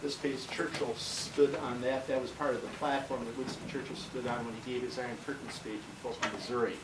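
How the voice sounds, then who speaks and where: A man's voice: medium pitch, steady tone, a little fast. An older man, a retired history teacher, telling long rambling anecdotes on a school tour and acting out the voices of the people in them. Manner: rambling anecdotal storyteller, acts out quoted voices. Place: school classroom, indoors. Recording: roomy, distant, noisy camcorder sound.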